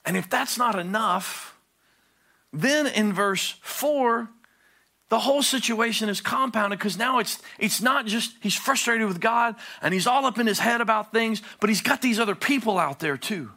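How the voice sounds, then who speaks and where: Bright-voiced pastor preaching. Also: male voice, normal speed. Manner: swings from hushed, low phrases to loud, high-pitched pleading. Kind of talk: sermon.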